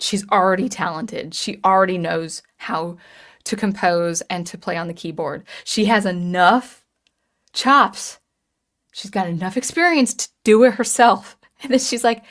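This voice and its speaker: A woman in her late thirties hosts a livestream, chatting casually as she tells a story with lots of restarts and reads the chat aloud. Her voice is medium in pitch, and she speaks at a normal speed.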